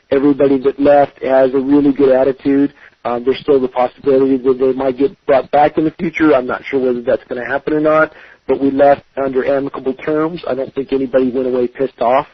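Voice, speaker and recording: A man's voice: mid-range voice, dry recording, dull audio. A man being interviewed as a game developer, talking casually with many fillers and restarts, choosing his words with care.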